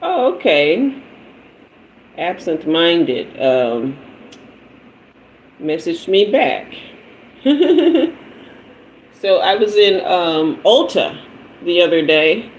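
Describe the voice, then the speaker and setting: A woman with a somewhat low voice hosts a live tarot stream, chatting easily with viewers and laughing often. She sprinkles endearments like "honey" through her talk, and a faint hum sits behind her. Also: takes it slowly, rough recording. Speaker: tarot reader and livestream host. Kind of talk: casual livestream storytelling.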